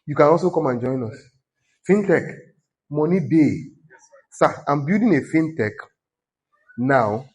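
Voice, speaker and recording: A man's voice: on the high side, animated, unhurried, long pauses, a little mellow. Nigerian male pastor, conversational sermon voice that prods and teases the congregation. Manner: exhorting, conversational, teasing the congregation.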